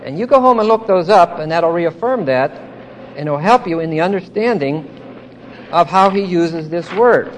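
A man's voice: sits high, expressive, normal speed, a little hiss or hum. A man teaching a Bible passage verse by verse, explaining it patiently, checking in with his listeners and stressing key words emphatically.

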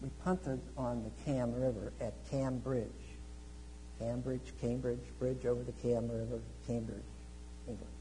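Storytelling male preacher, mellow tone. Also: medium pitch, normal speed, hardly any pauses, a little hiss or hum, low-quality recording. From United States. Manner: storytelling, animated, swings from quiet asides to loud exclamations. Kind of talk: sermon.

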